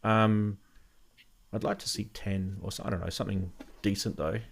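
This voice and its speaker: Man, somewhat low pitch, casual synth show host, meandering, full of ums. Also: fairly even intonation, moderate pace, creaky. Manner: rambling, thinking aloud with many ums. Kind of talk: casual synth gear review chat.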